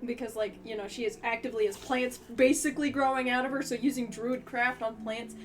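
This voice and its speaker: A woman with a fairly high voice plays a tabletop game and explains her character's details at length, filling her talk with "like". Music sounds clearly behind her. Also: fairly even intonation, brisk. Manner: explanatory, rambling with "like". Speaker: player. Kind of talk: casual tabletop chat.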